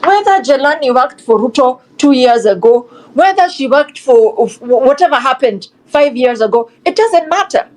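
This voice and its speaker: A woman's voice: high voice, animated, moderate pace, hardly any pauses, a little mellow, low-quality recording. A young woman with a Kenyan accent, speaking passionately in an online discussion, repeating her points and mixing in Swahili. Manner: passionate, repetitive, switches into Swahili. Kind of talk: impassioned live audio discussion.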